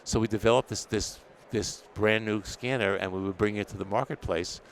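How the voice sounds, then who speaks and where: With a fairly low pitch and normal speed, an older man from NYC who works as a dental technology editor tells stories casually in an interview. He performs the voices of people he quotes and laughs frequently, recorded with slight background noise and faint trade show ambience.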